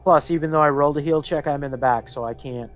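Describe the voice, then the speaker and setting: A man's voice: fairly high pitch, fast, soft background music. A man playing a tabletop role-playing game, tentative and thinking aloud. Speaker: player. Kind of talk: casual tabletop game chat.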